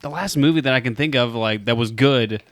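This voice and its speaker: A man's voice: medium pitch, brisk, dry recording. A young man co-hosting a podcast, chatting casually and enthusiastically about films, with many "like"s. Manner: enthusiastic, fills speech with "like". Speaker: podcast co-host. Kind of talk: casual movie chat.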